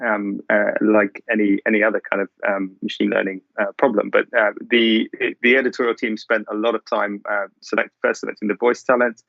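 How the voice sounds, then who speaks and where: A man speaking on a remote panel, halting, with many fillers and restarts. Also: on the low side, level tone, gravelly, dry recording, muffled recording. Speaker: panelist from a broadcaster's tech team.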